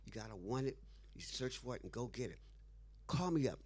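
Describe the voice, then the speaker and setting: A man putting on a hushed old tap teacher. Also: medium pitch, animated, fairly quick, close to an everyday voice. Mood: reminiscing. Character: older male tap teacher, wise and encouraging.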